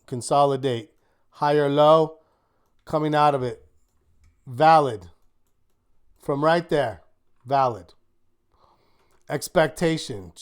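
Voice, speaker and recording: A man leads a live online trading class in an upbeat, encouraging way, firing off rhetorical questions like a checklist. His voice sits a little high and comes through smooth and crisp. He takes his time, talking at an unhurried pace. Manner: upbeat, encouraging, quick asides to students. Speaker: trading instructor hosting a weekly market wrap.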